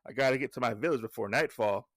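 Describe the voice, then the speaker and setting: A man's voice: medium pitch, fast talker, a bit bright, dry recording. A man voicing a kindly, frail old woman who frets about being a burden, in a casual comic recap. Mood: fretful. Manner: fretful, self-deprecating.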